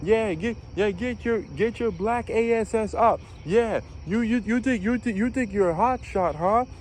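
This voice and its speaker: A man putting on a furious yelling Navy chief. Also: unhurried, slight background noise. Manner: yelling, cursing, high-pitched tirade.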